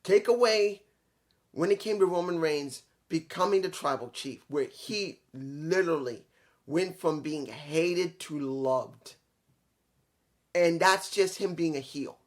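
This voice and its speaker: A young man giving a casual, excitable wrestling review, swearing freely and acting out quotes as he recaps scenes. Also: on the high side, slow pace.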